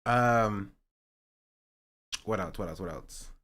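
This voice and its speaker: A young man streaming live, chatting casually and joking sarcastically, and he sometimes rises into an animated rant. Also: on the low side, slow pace. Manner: joking and sarcastic, reading chat aloud; rising to animated ranting. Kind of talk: casual livestream chat.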